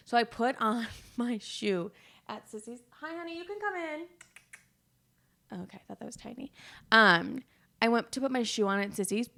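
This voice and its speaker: A woman's voice: fairly high pitch, a bit bright. A woman in her twenties hosting her own podcast, chatting candidly and rambling, swearing freely and acting out quoted dialogue. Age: 20s. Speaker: podcast host. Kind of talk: casual chat.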